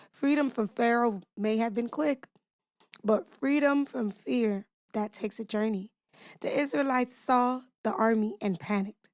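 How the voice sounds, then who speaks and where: A woman's voice: on the high side, dry recording, clean studio sound. A woman hosting a devotional podcast, teaching scripture in an emphatic preaching cadence, asking her listeners rhetorical questions and speaking to them directly and informally.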